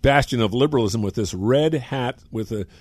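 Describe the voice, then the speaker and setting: A man's voice: mid-range voice, moderate pace, a little mellow, slightly rough, dry recording. A man in his sixties chatting as a guest on a sports talk show, a chatty storyteller. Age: 60s. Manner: chatty storyteller, mimics people in quotes. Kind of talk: casual radio talk.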